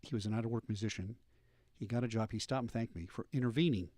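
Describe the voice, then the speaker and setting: A middle-aged man hosting a radio talk show, telling police stories with lively animated delivery. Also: on the low side, quick pace, no echo, studio quality. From United States. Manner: animated storyteller, acts out voices in anecdotes.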